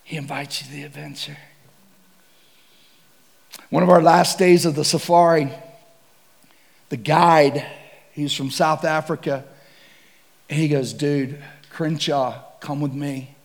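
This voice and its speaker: Brief: high-voiced gravelly man, comic preacher telling safari tales. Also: a little slow, pauses often. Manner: animated, shouts and laughs through stories. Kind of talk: comedic sermon storytelling.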